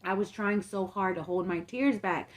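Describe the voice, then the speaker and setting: A woman's voice: mid-range voice, moderate pace. Chatty young woman telling a storytime. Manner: chatty, filler-heavy, acts out quoted people. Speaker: mukbang vlogger. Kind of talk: casual storytime while eating.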